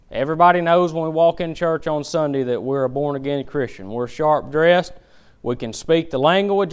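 A man preaching a sermon with a clear, resonant, slightly high voice. He tells folksy stories and drives his points home with emphatic, animated delivery.

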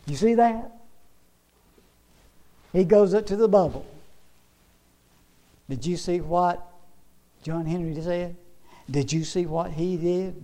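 High-voiced emphatic preaching man. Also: dark tone, poor audio. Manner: emphatic, repetitive, folksy storytelling. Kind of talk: sermon.

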